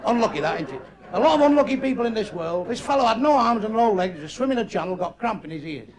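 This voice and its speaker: An older man telling crude jokes on a comedy club stage in a blunt, deadpan way. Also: high-pitched, fast talker. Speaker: stand-up comedian. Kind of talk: stand-up joke telling. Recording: live club crowd laughing. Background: audience laughter.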